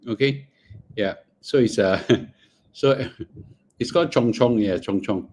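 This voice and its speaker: A finance livestream host, he's a middle-aged man with a Singaporean English accent and a medium-pitched, slightly mellow voice. He talks slowly with frequent pauses, mixing Singlish and bits of Mandarin and murmuring between bites, while a faint hiss or hum runs underneath.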